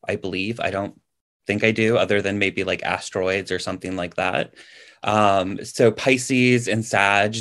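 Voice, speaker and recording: Man, podcast guest on a video call, low voice, easygoing and loose. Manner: relaxed, rambling, lots of ums and likes. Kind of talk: casual interview chat.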